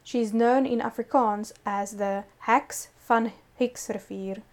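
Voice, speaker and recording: A woman's voice: on the high side, steady tone, measured pace. A woman telling a local ghost story in casual chat, breaking off to explain words. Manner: reads a story with laughing asides.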